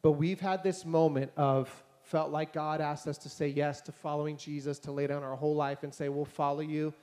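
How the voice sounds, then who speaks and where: A man's voice: a little high, moderate pace. A male pastor preaching a casual, conversational sermon to a congregation and acting out conversations as he tells stories. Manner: conversational, animated, acts out dialogue. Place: church hall before a congregation.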